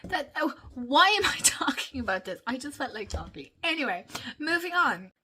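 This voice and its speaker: An Irish woman in her thirties talks casually to her viewers, laughing easily between thoughts. Her voice sits a little high and has a bright, lively edge. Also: moderate pace, slightly rough. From Ireland. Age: 30s. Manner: chatty, laughs often while talking. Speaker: vlogger. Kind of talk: casual chat.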